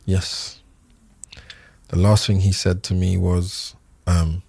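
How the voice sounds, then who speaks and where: A man in his thirties, a podcast guest, recalling a loss in a halting way with many fillers and restarts. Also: low-pitched, steady tone, gravelly, darkish tone, slightly rough, dry recording. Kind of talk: emotional interview recollection.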